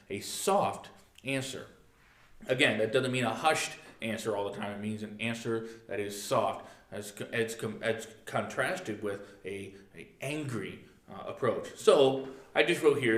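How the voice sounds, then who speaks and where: A man's voice: mid-range voice, fairly bright tone, reverberant. A man pastor giving a casual midweek Bible teaching, reading from his notes with joking asides. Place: church.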